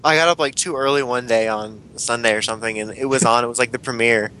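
A young man in casual chat, rambling and swearing lightly as he talks. His voice is bright and forward. A faint rumble sits behind him. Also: steady tone, fast talker. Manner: rambling, swears, laughs often.

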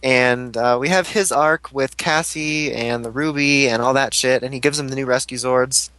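A man's voice: mid-range voice, fairly even intonation, normal speed, pushed and bright, dry recording, low-quality recording. A man chatting casually as a podcast host, rambling through a recap with frequent swearing and fillers.

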